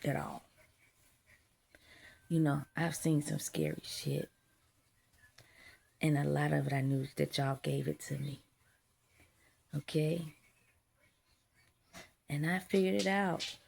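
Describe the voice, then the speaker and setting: A woman's voice: low-pitched, fairly even intonation, slow, creaky, long pauses, darkish tone, husky. A woman delivering a defiant, profane spiritual monologue straight to her audience, hammering her points home. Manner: defiant, profane, emphatic ranting. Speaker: vlogger.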